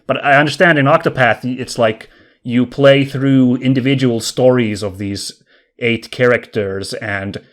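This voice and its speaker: A man's voice: mid-range voice, fairly even intonation, measured pace. A man co-hosting a casual podcast, chatting enthusiastically and thinking aloud as he talks. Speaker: podcast co-host. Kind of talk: casual podcast chat about video games.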